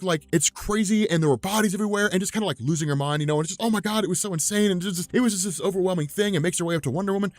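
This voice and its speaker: A man casually recapping a comic story, rambling and excitable, briefly acting out characters' lines. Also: fairly high pitch, dry recording. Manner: rambling, excitable, acts out quotes loosely. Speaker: comic book explainer.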